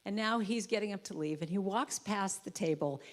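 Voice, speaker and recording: A woman's voice: medium pitch, moderate pace. A woman giving a storytelling sermon in a church, acting out the voices in her stories. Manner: warm conversational storytelling, acts out voices. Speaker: guest speaker and musician. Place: church sanctuary.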